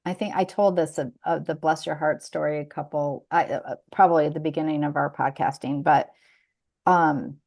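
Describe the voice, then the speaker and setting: A woman with a gravelly, slightly low voice co-hosts a podcast in relaxed conversation. She tells stories loosely, laughs often and stops to restart her sentences. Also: moderate pace. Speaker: podcast co-host. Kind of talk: casual chat.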